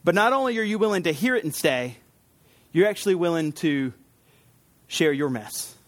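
A man preaching a sermon in a relaxed, conversational way, telling stories from home with quick asides. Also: fairly high pitch. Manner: chatty, storytelling, with quick asides and laughs. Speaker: pastor.

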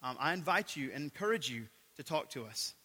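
A man's voice: on the high side, lively intonation, a little fast, bright, forceful tone, husky. A man preaching a sermon as a pastor, earnest, and repeating key phrases for emphasis. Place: church sanctuary. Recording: echoey hall.

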